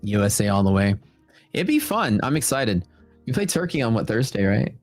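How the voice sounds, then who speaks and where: A man's voice: lowish voice, sing-song, moderate pace, no room sound, faint music behind. A man from Texas with a Texan accent, hosting a trading livestream in a laid-back, rambling way. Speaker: trading stream host. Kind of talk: casual livestream chat.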